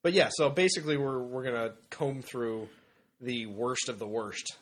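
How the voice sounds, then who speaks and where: A man co-hosting a podcast in casual chat, halting and repeating words as he talks. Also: medium pitch. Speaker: podcast co-host.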